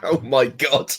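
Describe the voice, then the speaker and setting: A man's voice: a little high, a bit bright, breathy edge. A man co-hosting a podcast in casual chat, asking questions and tripping over his words. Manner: inquisitive, trips over words. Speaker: podcast co-host.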